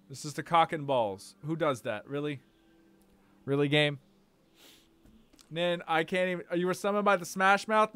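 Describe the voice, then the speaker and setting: A young man with a bright, forceful voice pitched a little high, streaming a game live. He chatters, swears and yelps at what happens on screen. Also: smooth, no echo. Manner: excitable, swearing, reacting loudly to the game.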